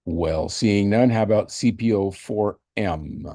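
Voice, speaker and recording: A man chairing a community meeting, speaking haltingly with many pauses and fillers. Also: fairly low pitch, warm tone, no room sound.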